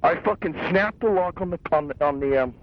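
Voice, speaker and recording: A young man telling an angry, profane story in a casual, rambling rant about getting even. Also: fairly high pitch, fairly quick, dry recording. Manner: profane, hotheaded, boastful, rambling. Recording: dull lo-fi radio sound.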